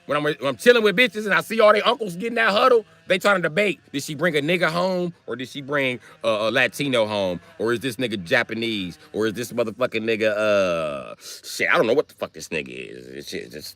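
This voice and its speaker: Speaking at a medium pitch, this young man from Wisconsin, accent and all, recounts a foul-mouthed tale on a livestream and performs every quoted line. He sounds animated and a touch fast, barely pausing, in a dry recording, with bursts of loud impersonation.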